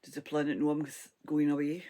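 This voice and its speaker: A woman with a Scottish accent talks through her crochet in a loose, rambling, chatty way. Her throat sounds hoarse and froggy, and she laughs often. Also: deep voice, monotone, quick pace, dark tone. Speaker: crochet vlogger. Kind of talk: casual crafting chat.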